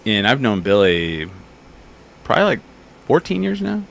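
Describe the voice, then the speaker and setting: Profane storytelling man, low voice. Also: normal speed, gravelly. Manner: profane, animated storyteller acting out bar fights. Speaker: podcast host. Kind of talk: casual storytelling chat.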